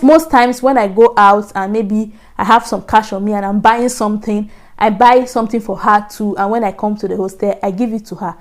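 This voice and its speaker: Chatty woman vlogger. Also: mid-range voice. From Nigeria. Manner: chatty, repetitive, laughing asides. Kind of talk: casual storytelling to camera.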